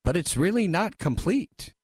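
A man's voice: high voice, very animated, measured pace, a little mellow, slightly rough, dry recording. A man hosting a talk radio show, reading listener messages and giving wry, emphatic commentary into a studio microphone.

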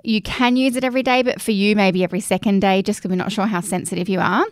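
A woman's voice: mid-range voice, fairly even intonation, fast, no echo. Woman co-host, chatty and practical, dry close sound. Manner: chatty and practical, explains step by step. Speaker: podcast co-host giving skincare advice. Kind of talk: casual chat.

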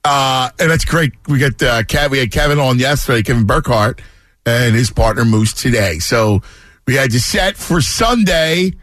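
A male sports radio host talks with lively, swooping pitch and bursts of excitement. He is effusive in his praise and chatty. His studio mic gives a dry, close sound. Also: moderate pace, dry recording.

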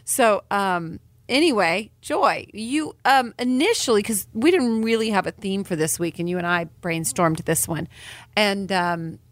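A woman's voice: medium pitch, lively intonation, measured pace, dry recording. A woman hosting a podcast in casual chat, bubbly and gushing, laughing often. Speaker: podcast host.

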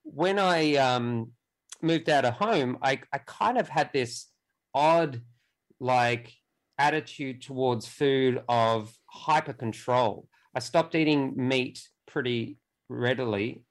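A young man talking as a podcast guest in casual conversation, halting and often restarting his sentences. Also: medium pitch, low-quality recording. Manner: halting, with many restarts and repeated words.

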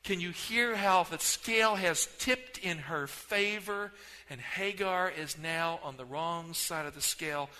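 A man preaching a sermon in a church, dramatic, swinging between loud emphasis and hushed near-whispers. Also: a little high, measured pace. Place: church sanctuary. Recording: long hall reverb.

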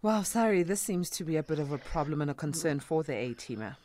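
A woman's voice: sits low, lively intonation, fast, darkish tone. A woman hosting a talk show, chatting and reading out listener messages. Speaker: radio show host.

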